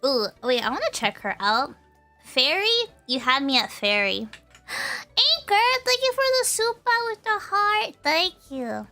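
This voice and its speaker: Young woman, streamer, high voice, giggly, casual chat. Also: measured pace, soft background music. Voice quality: giggly, bubbly. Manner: animated, playful, often breaking into laughter. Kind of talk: casual chat reading viewer comments.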